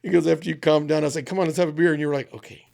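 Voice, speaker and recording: A man on a podcast, telling a drinking story in casual, profane, animated chat. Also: fairly high pitch, racing, gravelly. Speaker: podcast co-host.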